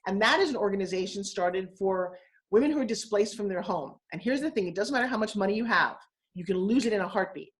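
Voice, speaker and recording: A woman's voice: medium pitch, expressive, fast talker. A woman of sixty, a guest on a live video interview, talking bluntly and emphatically. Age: 60s.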